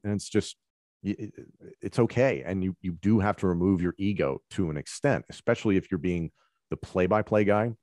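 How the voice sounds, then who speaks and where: Deep-voiced man, easygoing interview talk. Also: normal speed, dry recording, studio quality. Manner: relaxed, conversational, explains with examples. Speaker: wrestling commentator. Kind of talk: conversational interview answers.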